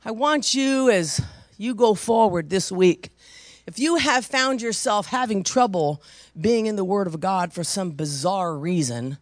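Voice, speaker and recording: A woman's voice: medium pitch, animated, unhurried, dry recording. Woman preacher, storytelling sermon. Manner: conversational storytelling that builds to loud, emphatic preaching.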